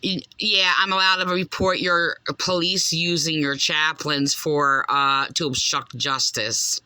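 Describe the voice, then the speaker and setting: A woman's voice: sits low, steady tone, measured pace, pushed and bright, clear, resonant tone, dry recording. A woman with a Southern accent, making a complaint on a phone call and rambling through accusations with many hesitations.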